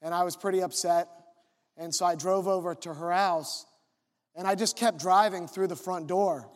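A man quoting a calm, deadpan man from a driving class, retelling a story in a flat, matter-of-fact way. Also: high-pitched, moderate pace, big-room sound, natural voice.

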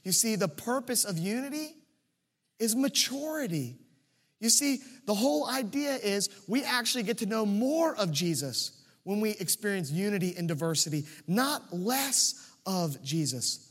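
A man in his thirties preaching a sermon as a pastor, swinging between loud emphatic peaks and quiet asides and repeating key phrases for emphasis. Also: high voice, big pitch swings, normal speed, breathy edge, long reverb tail.

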